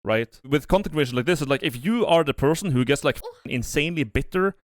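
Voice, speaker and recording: A man's voice: fairly high pitch, animated, quick pace, no room sound, clean studio sound. A young man commenting on a live stream, rambling with many restarts and blunt swearing. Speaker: streamer reacting to a video.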